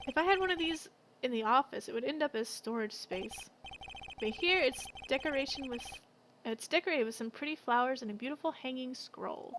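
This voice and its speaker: A woman's voice: sits high, a little fast, background noise. A woman streamer reading a game's dialogue aloud in a casual, musing way. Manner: casual, soft, muses aloud. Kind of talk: reading game dialogue aloud, let's play. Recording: game music playing behind.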